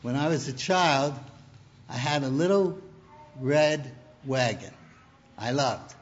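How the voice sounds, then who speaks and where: A man preaching a sermon, deliberate, mixing scripture with humorous stories. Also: mid-range voice, muffled recording.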